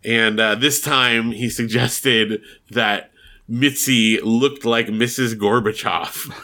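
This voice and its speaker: A podcast co-host recaps an old sitcom episode in easy, chatty talk, with "like" all over his sentences. His voice is bright and forward, sitting at an ordinary male pitch. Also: fairly even intonation, slow. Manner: chatty storytelling with frequent "like".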